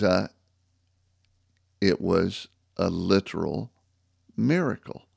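Deep gravelly man telling a faith story. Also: a little mellow, dry recording, clean studio sound. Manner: storytelling, acts out phone calls, reflective when reading scripture. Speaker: speaker sharing a faith story. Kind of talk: personal testimony and devotional talk.

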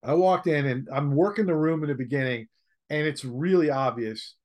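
A man's voice: fairly high pitch, normal speed. A man who is an author, telling a blunt, joking story in an interview and acting out the people in it. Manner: lively, joking, acts out quoted people; blunt, slangy.

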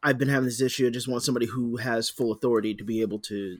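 A man's voice: mid-range voice, level tone, racing. A man with a mid-range voice, talking in casual podcast chat. He grumbles dryly through his stories. The sound is dry and close, with no room echo. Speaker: podcast co-host.

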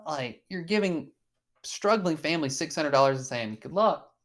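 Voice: medium pitch, expressive, normal speed, fairly bright tone. A podcast host in casual chat, talking freely, swearing and laughing often.

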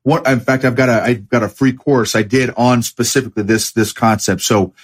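A man's voice: medium pitch, steady tone, fairly quick. A man speaking as a guest in an interview, emphatic and repeating key phrases. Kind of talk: casual interview.

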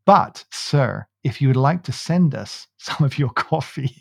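A man's voice: mid-range voice, lively intonation, a little slow, gravelly, husky, dry recording. Man, podcast host, casual chat, jokey, laughs a lot, dry sound. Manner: jokey storytelling, laughs often.

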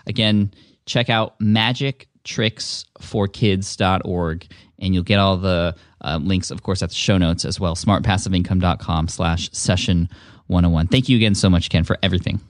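Eager podcast host, dry close mic. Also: male voice, low-pitched, fairly even intonation, moderate pace, dry recording. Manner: enthusiastic, many restarts and fillers. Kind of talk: casual podcast talk.

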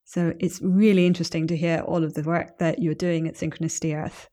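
A woman hosting an interview podcast, responding appreciatively and posing measured questions. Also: low voice, flat delivery, dark tone. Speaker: podcast host.

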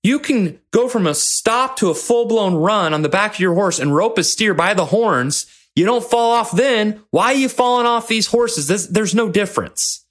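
A blunt, demanding rodeo coach, as a man quotes him, scolding at first and then firmly encouraging. The voice sits higher than the speaker's own and pushes hard on each line. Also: lively intonation, normal speed, fairly bright tone.

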